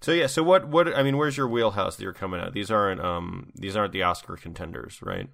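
Man, low voice, gravelly, casual podcast chat, laughs a lot. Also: sing-song, fast talker, a bit bright, dry recording. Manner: jokey, laughs often, does goofy voices. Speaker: podcast co-host.

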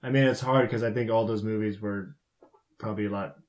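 A man's voice: lowish voice, steady tone, a little fast, a little mellow. A young man co-hosting a casual film chat, answering with brief, dry remarks. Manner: dry, brief quips and backchannels. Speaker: podcast co-host.

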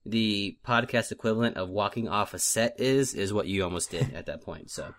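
A man's voice: on the low side, normal speed, fairly bright tone. A man co-hosting a casual movie podcast, rambling and self-deprecating with many fillers. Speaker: podcast co-host, film list maker.

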